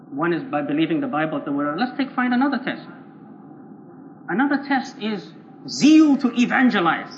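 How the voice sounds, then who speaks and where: A man's voice: high voice, very animated, normal speed. A man preaching a sermon in a blunt, rhetorical way, acting out imagined listeners. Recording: dull lo-fi recording, faint noise.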